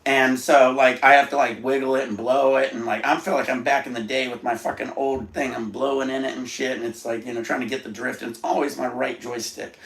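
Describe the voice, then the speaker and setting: Laid-back gravelly man streaming from home. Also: mid-range voice, fairly even intonation, a little fast, few pauses, fairly bright tone. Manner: rambling, laid-back, swears casually. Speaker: livestream host. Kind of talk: casual livestream chat. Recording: echoey room, faint background noise.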